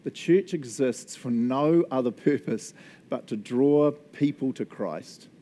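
A man's voice: medium pitch, slow pace, warm tone. A man preaching a casual, enthusiastic sermon, often checking in with the congregation. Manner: enthusiastic, chatty, laughs often, tags lines with "eh?" and "right?". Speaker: pastor.

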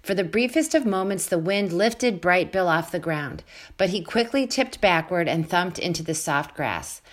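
Woman storybook reader, slightly low voice, clear and steady. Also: normal speed. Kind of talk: reading a children's novel aloud.

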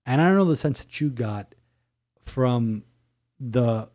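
Brief: male priest co-host, animated storyteller, mid-pitched, chatty. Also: slow. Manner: animated storytelling, many restarts. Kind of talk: casual chat.

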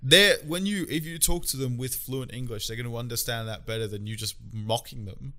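A man in casual chat, blunt, swearing freely and laughing loudly. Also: mid-range voice, a little fast.

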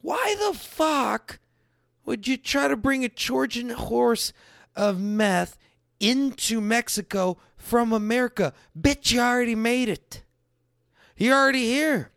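A man around thirty doing a profane stand-up style rant, swinging between loud bursts and low mutters. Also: a little slow, creaky, smooth, dry recording, clean studio sound. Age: late 20s to early 30s. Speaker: comedian.

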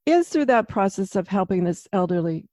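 A woman sharing anecdotes in a thoughtful, measured way during a conversation. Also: medium pitch, lively intonation, mellow, no echo, clean studio sound. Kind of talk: casual conversation.

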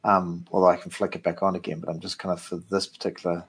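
Low-voiced man playing a tabletop game. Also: flat delivery, quick pace, vocal fry, fairly bright tone, breathy edge. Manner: thinking aloud, tentative. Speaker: player. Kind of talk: casual tabletop play.

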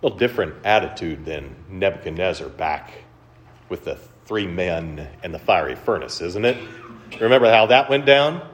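A male pastor delivers a relaxed, conversational sermon in a fairly low voice. His pitch swings widely as he animates the story. He keeps asking the listeners rhetorical questions. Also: moderate pace, dull audio, slight background noise.

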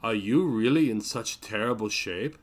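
A man's voice: on the low side, normal speed, lightly acted. A man voicing a young woman, teasing and lightly formal in an audiobook reading.

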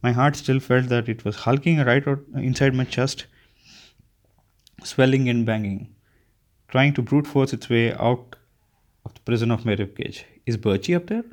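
A man's voice: medium pitch, fairly even intonation, measured pace, pauses often. A man reading a first-person novel aloud, unpolished, often stumbling and restarting words. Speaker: audiobook reader.

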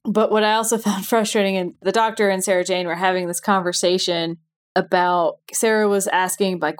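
A woman's voice: fairly low pitch, fairly even intonation, brisk. A woman co-hosting a podcast in a playful, chatty way. She giggles often and gushes over anything cute. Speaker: podcast co-host. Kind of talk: casual chat.

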